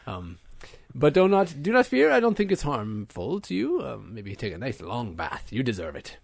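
A man's voice: mid-range voice, huge pitch swings, moderate pace, creaky, dry recording, heavily acted. A man playing a self-important, chivalrous human knight in a tabletop game, talking in a pompous, old-fashioned, oddly cheerful way. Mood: reassuring. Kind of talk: tabletop role-play in character.

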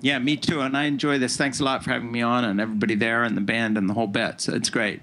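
A man's voice: medium pitch, level tone, fast, a bit bright, slight background noise. A man speaking as a guest on a talk show, blunt with restarts. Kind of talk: casual interview talk.

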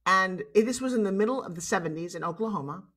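Brief: woman in her 60s, New York accent, guest speaker, lively and blunt storyteller, some salty language, video call. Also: medium pitch, fast, husky. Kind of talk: personal storytelling.

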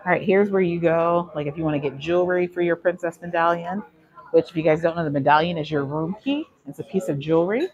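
A woman's voice: fairly low pitch, quick pace, darkish tone, lo-fi sound. A woman vlogger giving a chatty live walking tour of a cruise ship, answering chat questions, a little out of breath. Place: aboard a cruise ship, indoor decks.

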